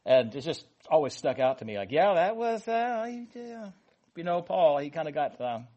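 A man's voice: on the high side, very animated, normal speed, darkish tone, highs cut off. A man leading a Bible study with a prayer, then teaching in a casual, rambling way with many asides and fillers.

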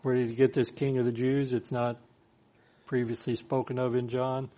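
A man's voice: mid-range voice, dark tone. Man preaching a verse-by-verse sermon. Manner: reads verses then explains with dry humor. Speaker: pastor. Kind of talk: expository sermon on scripture.

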